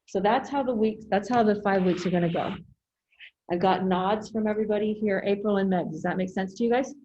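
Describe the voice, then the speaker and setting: A woman instructor lecturing her writing class over a video call, her voice mellow and warm. She talks in a loose, conversational way and keeps checking that her students follow along. A faint hiss sits under the sound. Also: mid-range voice, fairly quick, lo-fi sound. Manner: conversational, checks in with frequent "okay?".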